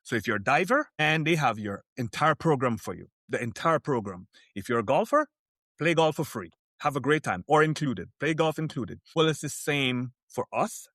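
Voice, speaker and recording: A man as a podcast guest, talking in an animated, emphatic way and telling stories from the cruise world. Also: mid-range voice, normal speed, no echo, clean studio sound. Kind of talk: podcast interview.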